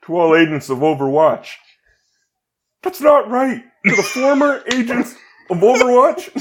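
A man voicing an earnest male gorilla scientist, pitched up and breaking into laughter, slipping into a politician's cadence. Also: expressive, unhurried. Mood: giggly.

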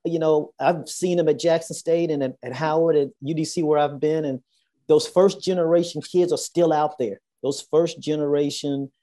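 Warm-toned emotional male interviewer. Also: on the high side, steady tone, moderate pace. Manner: emotional, effusive reactions. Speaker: interview host. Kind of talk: casual interview chat.

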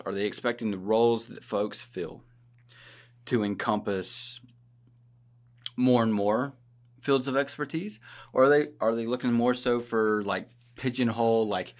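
Joking, blunt man hosting a podcast. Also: fairly low pitch. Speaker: podcast host. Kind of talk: casual podcast chat.

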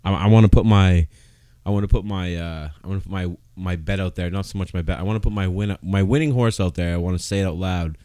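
A man's voice: sits low, fast talker, warm tone, dry recording. A man co-hosting a casual podcast chat, rambling loosely and swearing now and then. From Maine. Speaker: podcast co-host.

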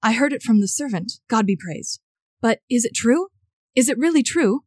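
A woman reading aloud the lines of a reckless, slightly drunk young gentleman in a period novel, with dramatic emphasis. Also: fairly high pitch, expressive, normal speed, no room sound, clean studio sound, pitched above the performer's own voice. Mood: urgent. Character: brash charming young gentleman rake, drunk.

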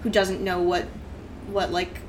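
A woman's voice: fairly low pitch, little pitch movement, a little slow, noisy background. A woman being interviewed on a podcast, speaking frankly and casually with frequent laughs. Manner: frank, laughs often, fillers like "like". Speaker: podcast guest.

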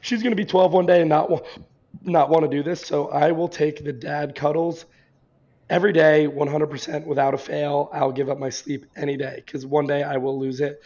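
A man chatting casually, telling stories in an animated, warm way. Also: fairly high pitch, normal speed. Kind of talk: casual conversation. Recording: dull lo-fi sound.

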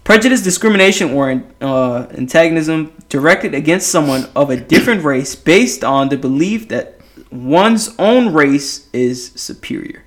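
A man's voice: a little high, animated, measured pace. A man co-hosting a casual podcast, with teasing, wry interjections. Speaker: podcast co-host.

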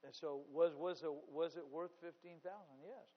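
A man preaching a sermon as pastor, telling a story with many restarts and swinging from hushed tones to loud, stressed lines. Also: on the high side, moderate pace. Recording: dull sound with long hall reverb.

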